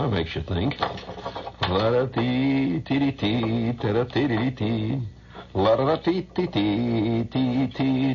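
A man's voice: deep voice, highs cut off, a little hiss or hum. A man hosting a radio show, rambling through a loose monologue, chuckling often and humming nonsense syllables. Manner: rambling, chuckling, hums sing-song nonsense. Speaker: radio host.

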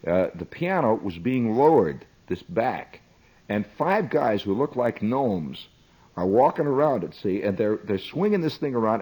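A middle-aged man telling a comic story, chatty and animated, with frequent asides to the listener. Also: mid-range voice, normal speed, breathy edge, low-quality recording.

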